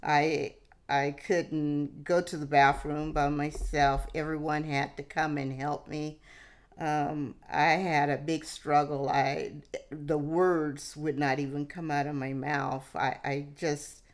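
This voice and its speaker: A woman vlogger telling a personal story to camera in a halting way, often restarting and dropping in "hey". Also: low-pitched, flat delivery.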